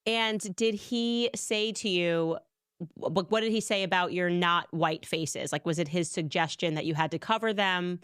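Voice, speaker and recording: A woman's voice: fairly low pitch, normal speed, a bit bright, smooth, no echo, clean studio sound. A woman hosting an interview, teasing her guests and laughing often. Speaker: interview host. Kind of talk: conversational interview.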